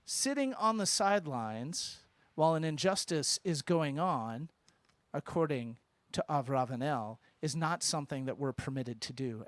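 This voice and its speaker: Man, rabbi, high voice, dry close sound, chatty sermon with jokes. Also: dry recording. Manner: lively, informal, joking asides. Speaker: rabbi teaching at a Shabbat service. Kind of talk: interactive sermon with congregation. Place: synagogue sanctuary.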